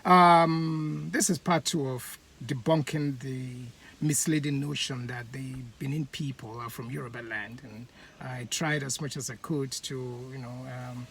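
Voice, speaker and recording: A host from Edo State in Nigeria, speaking, giving a laughing commentary monologue with comic examples and halting fillers. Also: mid-range voice, slight background noise. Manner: animated, laughing, acts out voices.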